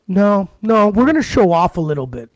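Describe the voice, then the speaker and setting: A man's voice: high-pitched, big pitch swings, a little fast, no echo. A man co-hosting a podcast, ranting angrily with lots of swearing and stumbling restarts. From Canada. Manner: angry, profane ranting with repeated restarts. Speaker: podcast co-host. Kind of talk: casual podcast rant. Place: podcast studio.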